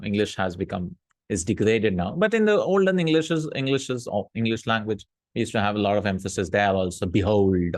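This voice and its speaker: Low-voiced male teacher explaining grammar. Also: dry recording. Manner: explanatory, checks in with frequent "hmm?" and "no?"; reads example sentences then translates them. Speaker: Arabic teacher. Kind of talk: recorded grammar lesson.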